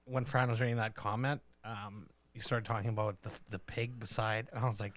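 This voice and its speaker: A man's voice: lowish voice, fairly even intonation, brisk, a bit bright, no room sound. A man co-hosting a live podcast in casual banter, joking, swearing freely and laughing mid-sentence. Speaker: podcast co-host.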